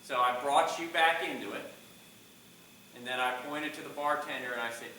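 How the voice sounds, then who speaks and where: A man's voice: mid-range voice, fairly even intonation, normal speed, bright, forceful tone, slight background noise. A middle-aged man teaching a public speaking class, questioning the students and shifting his volume often. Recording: echoey classroom from far off.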